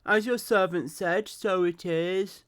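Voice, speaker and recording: A woman voicing a calm, knowing male royal adviser in an exaggerated Birmingham accent. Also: fairly low pitch, slow pace. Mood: reassuring.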